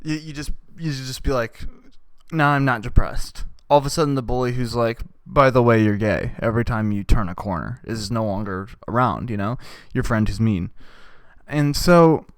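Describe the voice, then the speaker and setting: Rambling young man, smooth dry voice. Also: medium pitch, moderate pace, no room sound. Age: young adult. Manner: deadpan, absurd, with many "right?" asides. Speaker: podcast host. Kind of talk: rambling comic monologue.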